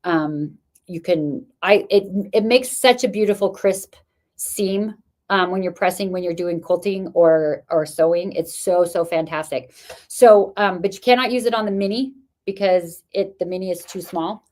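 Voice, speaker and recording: A woman's voice: fairly low pitch, moderate pace, darkish tone. A woman hosting a live product sale stream, chatty and enthusiastic, and losing her voice. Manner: chatty, enthusiastic sales talk with fillers. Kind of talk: product demo livestream.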